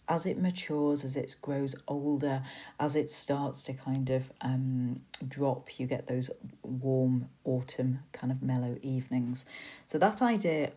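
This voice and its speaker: A woman giving a recorded lesson on a poem, explaining step by step and thinking aloud with small pauses and restarts. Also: rumbling low, warm tone. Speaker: teacher. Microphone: tablet voice-over recording.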